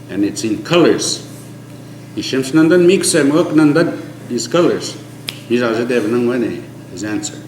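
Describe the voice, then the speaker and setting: An older man giving an oral history, earnest and emphatic, mixing an Indigenous language with English, often dropping to a low quiet tone. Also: a little hiss or hum. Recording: echoey room with faint ambience.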